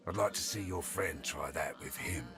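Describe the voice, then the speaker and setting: A man's voice: low-pitched, moderate pace, fairly bright tone, soft background music, pitched below the performer's own voice. A man voicing a curt, dismissive male guard in a growling tone while playing a game. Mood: surly. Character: gruff surly male guard.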